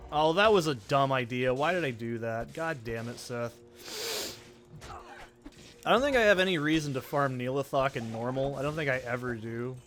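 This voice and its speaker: A man's voice: mid-range voice, fairly bright tone, slight background noise. Rambling, profane man gaming. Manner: rambling, profane, self-deprecating. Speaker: let's play host. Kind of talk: casual gameplay commentary.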